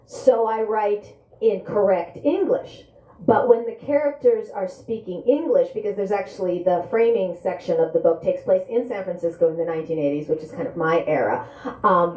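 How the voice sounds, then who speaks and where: A middle-aged woman from the Soviet Union, an author telling lively, wry stories at a live bookstore event. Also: mid-range voice. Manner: lively, brisk storytelling with wry humor. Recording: echoey room at a live event.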